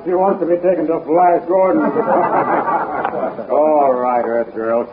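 A man's voice: on the high side, animated, normal speed, over a noisy crowd, natural voice. An actor playing a brutish, mocking male palace guard who sneers and laughs. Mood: sneering. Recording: very noisy tinny old radio recording.

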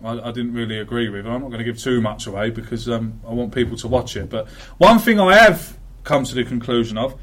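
A man's voice: mid-range voice, a little fast, few pauses. A man hosting a casual football podcast, chatty, with many fillers and the odd swear word. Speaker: podcast host.

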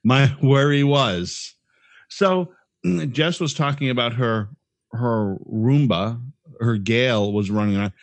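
A man's voice: mid-range voice, slow, no room sound. A man co-hosting a podcast in casual chat, joking and teasing, often stumbling and restarting his sentences. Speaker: podcast co-host.

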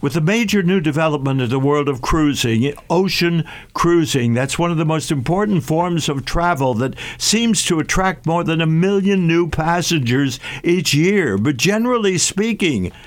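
An older man hosting a radio travel show, his voice sitting a little high for a man. He speaks in long, meandering sentences, stopping and restarting often and filling gaps with hesitant sounds. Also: animated. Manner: halting, many restarts and fillers. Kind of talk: radio talk show discussion.

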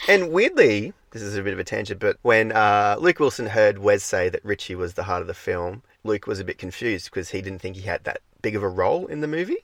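Male podcast co-host, gravelly voice, loose rambling delivery full of fillers. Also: fairly low pitch, expressive, brisk, few pauses, dry recording. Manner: rambling, with many fillers and hedges. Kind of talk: casual chat about films.

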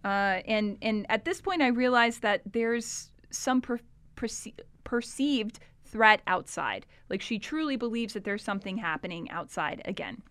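A woman's voice: mid-range voice, expressive, measured pace, fairly bright tone, no room sound. A woman co-hosting a podcast, talking conversationally about a recorded call. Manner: conversational, many fillers and restarts. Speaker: podcast co-host. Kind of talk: casual true crime discussion.

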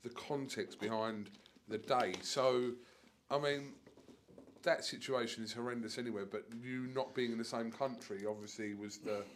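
A man hosting a podcast, asking his guest halting, hesitant questions full of fillers. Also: mid-range voice, fairly even intonation, a little hiss or hum. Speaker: podcast host. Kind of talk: casual interview chat.

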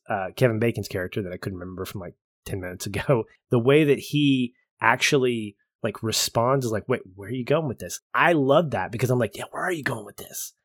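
A man's voice: mid-range voice, no room sound, clean studio sound. A man co-hosting a casual film podcast, explaining points with emphasis and enthusiasm. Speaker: podcast co-host.

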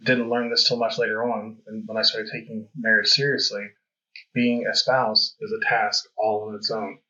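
Dull lo-fi audio captures a man hosting a podcast with a lowish, sharp-toned voice that barely moves in pitch. He speaks at a moderate pace. The conversational interview is candid, reflective and rambling.

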